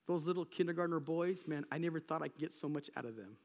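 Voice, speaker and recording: High-voiced preacher in a reverberant hall. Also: male voice, fast talker, a little mellow. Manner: conversational, storytelling preaching. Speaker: pastor. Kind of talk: sermon. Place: church sanctuary. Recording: long reverb of a large hall.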